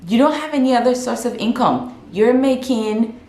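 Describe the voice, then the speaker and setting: A woman's voice: fairly high pitch, moderate pace, dark tone, reverberant, slight background noise. A young woman from Africa giving frank, chatty advice in a casual vlog, with many fillers and restarts. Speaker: vlogger.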